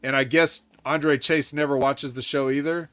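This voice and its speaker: A podcast co-host chats casually about wrestling with a dry, sarcastic manner. His mid-range voice is steady and a bit bright, at normal speed, with no echo.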